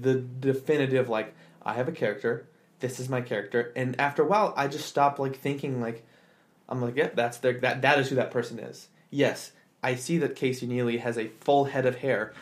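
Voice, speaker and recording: A man with a medium-pitched, somewhat dark voice hosts a podcast and tells a story in casual conversation. He acts out quotes in exaggerated voices and fills his speech with fillers.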